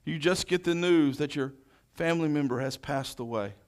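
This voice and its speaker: A man with a voice on the high side preaches at a moderate pace. He goes through scripture verse by verse, expounding after each, and moves between loud proclamation and hushed quiet.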